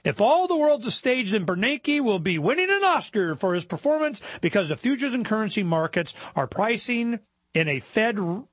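A man's voice: sits high, a bit bright, breathy edge, dry recording. A man hosting a talk show, commenting casually while reading news aloud, with mocking asides and rhetorical questions.

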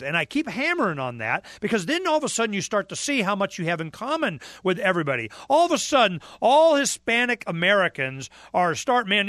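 A man in animated political talk, emphatic and storytelling, acting out the people he quotes. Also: sits high, no echo, studio quality.

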